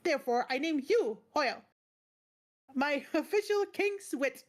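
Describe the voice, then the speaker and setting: A woman's voice: high-pitched, lively intonation, measured pace, voice pushed up. A woman voicing a boastful, cheeky young man who has crowned himself king, speaking in a playful, grand way. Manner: playful, grand, breaks into laughter.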